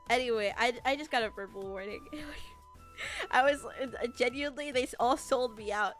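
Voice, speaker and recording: Brief: higher-pitched female streamer, lively and foul-mouthed storyteller, soft music underneath. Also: normal speed. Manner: animated, laughing, swearing freely. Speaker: VTuber streamer. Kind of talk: casual storytelling to chat.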